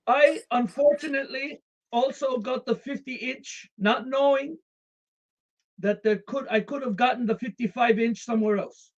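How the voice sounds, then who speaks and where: A streamer playing a devoted Russian communist comrade with a put-on Russian accent, speaking in deadpan, formal broken English on a comedic live stream. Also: high voice, normal speed, highs cut off.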